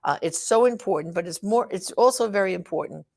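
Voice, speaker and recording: Emphatic woman with a gravelly voice. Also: mid-range voice, brisk. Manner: emphatic, exhorting listeners; animated, rhetorical questions. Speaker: host of a pro-life advocacy show. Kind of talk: direct address advocacy talk.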